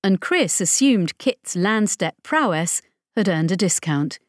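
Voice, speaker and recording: A woman reading a science fiction audiobook in measured scripted narration on a close microphone. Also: medium pitch, dry recording. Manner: measured, even storytelling.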